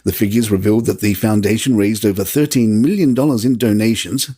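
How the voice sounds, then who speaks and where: A man hosting a podcast, reading a scripted news segment in a steady, measured way. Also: lowish voice, breathy edge. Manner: steady, measured delivery of figures and quotes. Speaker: podcast host.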